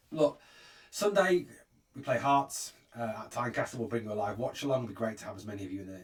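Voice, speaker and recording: A man's voice: on the low side, slightly rough, distant mic. A man hosting a fan channel, giving an exasperated, emphatic commentary and often repeating himself. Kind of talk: opinionated fan commentary monologue.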